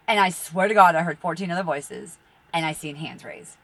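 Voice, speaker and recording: A woman's voice: lowish voice, moderate pace, fairly bright tone. A middle-aged woman who reads tarot, talking in a rambling, blunt, profane monologue and laughing through her stories. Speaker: tarot reader.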